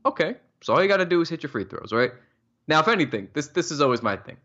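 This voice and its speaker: A man's voice: fairly high pitch, very animated, quick pace, fairly bright tone, dull audio. A young man co-hosting a podcast, ranting heatedly in casual sports talk and swearing freely. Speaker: podcast co-host.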